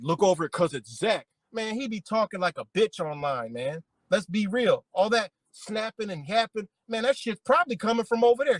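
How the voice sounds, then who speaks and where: A man rants about another man in heated, profane bursts, repeating his points over and over. His voice sits high for a man and has a husky edge. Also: a bit bright, low-quality recording. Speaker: commentary channel host. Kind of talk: casual profane rant.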